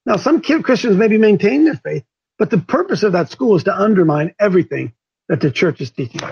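High gravelly fervent preaching man. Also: lively intonation, a little fast, a little mellow, muffled recording. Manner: fervent, repeats points for emphasis. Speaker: talk show host. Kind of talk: preaching talk radio.

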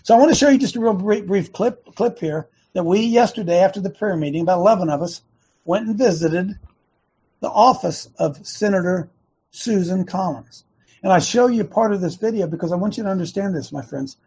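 A man hosting an online show, talking fast and emphatically, repeating words in bursts. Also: high-pitched, mellow, breathy edge. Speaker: host of an online activist show. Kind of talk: fast casual preaching talk.

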